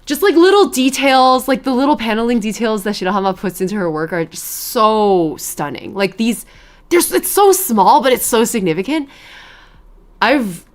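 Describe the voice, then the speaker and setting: A woman streaming and chatting casually with her viewers, animated, swearing freely and laughing often. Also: a little high, moderate pace. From grew up with Chinese and Japanese media.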